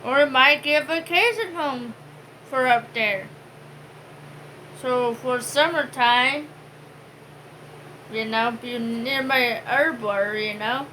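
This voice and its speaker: A woman's voice: high-pitched, takes it slowly, long pauses, bright, forceful tone, a little hiss or hum, rough recording. A woman co-hosting a home vlog, chatting casually and rambling with many fillers. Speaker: vlog co-host. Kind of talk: casual chat.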